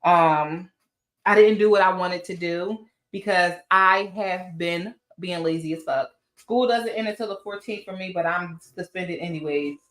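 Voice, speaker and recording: A woman's voice: fairly low pitch, measured pace, roomy sound. A woman hosting a casual livestream, greeting viewers by name and chatting loosely, sometimes swearing. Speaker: livestream host. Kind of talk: casual live chat.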